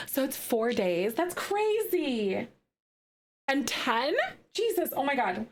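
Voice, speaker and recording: A woman streaming live, chatting casually with lots of fillers and bursts of excitement. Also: sits high, takes it slowly.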